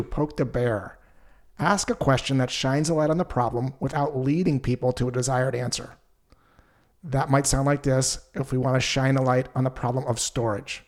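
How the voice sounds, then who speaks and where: A man explaining a sales technique in a calm, conversational lesson with measured pauses. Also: medium pitch. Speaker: sales trainer.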